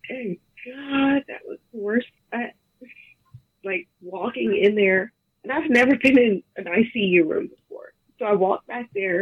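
A woman's voice: fairly high pitch, slightly rough, no echo. Grieving mother on a phone line. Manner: halting, emotional, quotes others often. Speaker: guest, bereaved mother. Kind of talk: emotional personal account.

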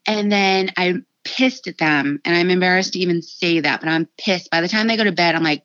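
A woman's voice: fairly low pitch, brisk, hardly any pauses, no echo. Chatty woman telling stories on a podcast. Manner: animated storytelling, acts out her own quotes. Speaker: podcast guest, anesthesia student and mother. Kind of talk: casual podcast chat. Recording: slightly dull dry podcast audio.

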